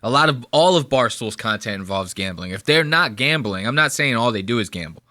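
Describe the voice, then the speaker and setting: A man's voice: medium pitch, expressive, a little fast, bright, forceful tone, dry recording, studio quality. A man in his thirties from New Jersey, hosting a podcast with rambling, mocking commentary full of swearing. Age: 30s. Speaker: podcast host. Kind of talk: casual profane commentary.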